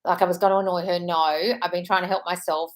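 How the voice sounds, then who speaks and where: A woman's voice: lowish voice, little pitch movement, quick pace. A British woman in her thirties hosting a live stream, reading out chat messages and answering them in an affectionate, earnest way. She keeps calling her listeners darling.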